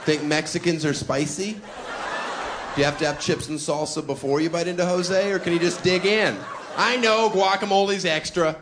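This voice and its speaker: A male stand-up comedian performing a routine, full of provocative setups and deadpan asides, chuckling at his own lines. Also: on the high side, moderate pace, noisy background.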